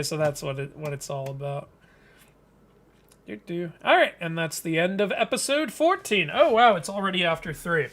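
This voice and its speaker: The voice sits high with a fairly bright tone. It belongs to a man hosting a live webcomic reading, chatting casually on stream, laughing often and joking about what happens in the story.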